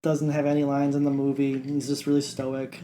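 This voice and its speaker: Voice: medium pitch, completely flat delivery, moderate pace, dark tone, a little hiss or hum. A podcast co-host recapping a bad movie in casual chat, joking and acting out the characters.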